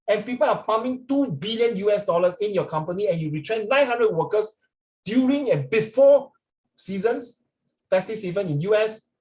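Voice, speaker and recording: A man's voice: high voice, a little mellow, poor audio. A man with a Singaporean accent teaching a class in a chatty, casual way, switching between English and Mandarin and checking that students agree with him.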